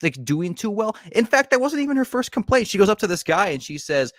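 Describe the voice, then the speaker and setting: A man co-hosting a casual chat about a TV show, ranting in an exasperated, animated way. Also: high voice, fast talker, no echo. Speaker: podcast co-host.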